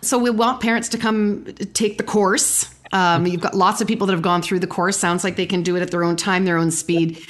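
A woman's voice: fairly low pitch, steady tone, fairly quick, few pauses. A woman interviewing a singer, admiring, often restarting her words. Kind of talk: interview questions.

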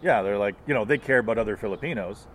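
A man's voice: lowish voice, fast, crowd noise. A man co-hosting a podcast in casual chat, blunt and profane, acting out quotes in other voices. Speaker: podcast co-host.

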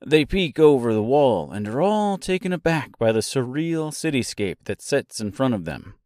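A man's voice: medium pitch, sing-song, normal speed, a little mellow, dry recording, clean studio sound. A man hosting a solo book discussion podcast, chatty and playful, fond of puns and dad jokes, talking straight to his listeners. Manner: chatty, addresses listeners directly. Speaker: podcast host and author.

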